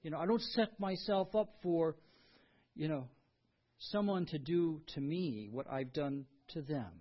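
A man preaching a sermon as pastor, earnest, dropping to quiet lows and then rising with emphasis. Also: unhurried. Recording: dull lo-fi sound.

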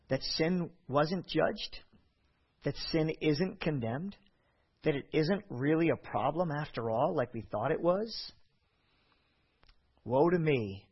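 A man preaching a sermon, reading scripture aloud and acting out the voices with an expressive delivery. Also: fairly high pitch, slightly rough, highs cut off.

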